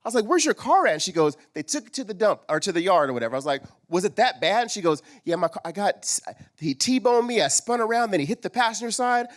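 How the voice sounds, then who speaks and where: A fairly high-voiced man tells a personal story from a live event stage. He talks in a loose, conversational way and jumps into the voices of the people in his story. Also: quick pace. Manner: animated, acts out quoted dialogue. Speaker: speaker at a men's summit. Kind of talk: storytelling talk.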